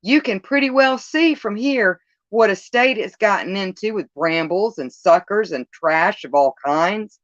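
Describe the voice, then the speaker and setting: A woman's voice: mid-range voice, lively intonation, a little slow, hardly any pauses, dry recording, lo-fi sound, natural voice. A woman doing a grave old country shepherd. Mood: warning. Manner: rustic country speech, solemn warnings.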